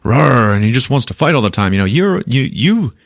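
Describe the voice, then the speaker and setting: Dude doing a hyped-up thunder god, keeps saying don't freak out, swears a lot, dry sound. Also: male voice, mid-range voice, a little fast, gravelly, no echo, pitched above the performer's own voice. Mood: excitable. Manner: excitable, reassuring, profane. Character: excitable friendly male thunder god.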